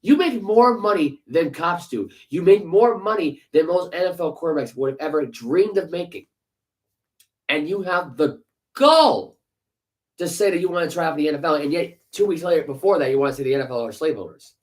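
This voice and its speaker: On a casual sports podcast, a male co-host rants heatedly, swearing and firing off sarcastic rhetorical questions. His voice is a little high and animated, he talks a little fast, and the recording quality is low.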